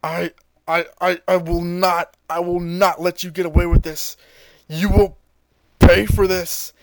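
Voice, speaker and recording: A man voicing a desperate young male martial arts hero who strains and shouts. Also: high voice, flat delivery, measured pace, a little hiss or hum.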